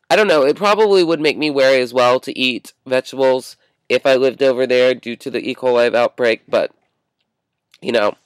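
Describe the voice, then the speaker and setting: A man's voice: mid-range voice, dry recording. A young man hosting his own vlog, chatting casually through news topics with rambling restarts and asides. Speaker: vlog host.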